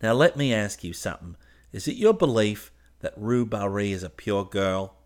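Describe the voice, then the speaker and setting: A man's voice: fairly low pitch, expressive, normal speed, natural voice. A man voicing a scornful, exasperated young male art student scolding his friend. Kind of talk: audiobook character reading.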